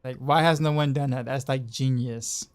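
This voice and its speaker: A man's voice: mid-range voice, fairly even intonation, normal speed. A man chatting casually while streaming a game. He laughs often and repeats himself. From Southeastern United States. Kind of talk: casual chat while gaming.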